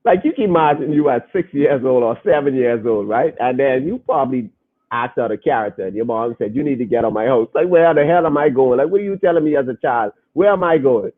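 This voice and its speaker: A man's voice: medium pitch, animated, brisk. A young adult man hosting a casual podcast stream, talking earnestly and repeating phrases for emphasis. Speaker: podcast host reading viewer comments. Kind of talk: casual live-stream talk. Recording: phone-like lo-fi audio.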